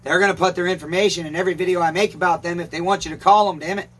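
A man's voice: high voice, fairly even intonation, rapid-fire, breathy edge. A man who runs a repair shop, talking in a rambling casual vlog, emphatic and swearing often. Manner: emphatic, swears often, calls viewers "neighbors". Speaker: chainsaw repair shop owner and channel host.

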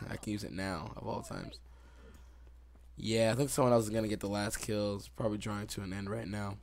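A young man giving excitable live commentary over his own video game play, recorded on a desktop microphone at home. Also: fairly low pitch, normal speed, gravelly, a little hiss or hum. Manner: excitable, reacts aloud to the game. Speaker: gaming YouTuber. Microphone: desktop USB mic.

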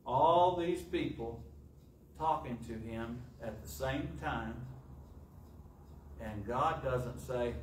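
A middle-aged man preaching a sermon in a church, asking rhetorical questions and pausing for effect. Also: mid-range voice. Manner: rhetorical questions with dramatic pauses. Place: church sanctuary. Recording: echoey church, distant mic, faint hiss.

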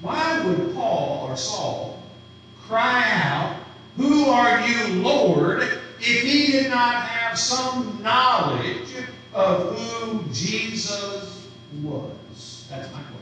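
A man's voice: high voice, expressive, drawn-out words, noisy background. A man preaching a sermon who asks his congregation questions as he teaches. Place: church sanctuary. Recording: roomy, distant church recording.

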